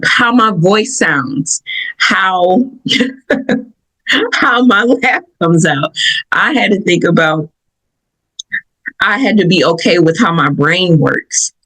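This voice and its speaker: A woman from Michigan with a Southern accent, hosting a podcast and telling personal stories in an animated way, laughing often. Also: fairly low pitch, slow pace, poor audio. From Michigan, USA. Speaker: podcast host. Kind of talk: personal reflective talk.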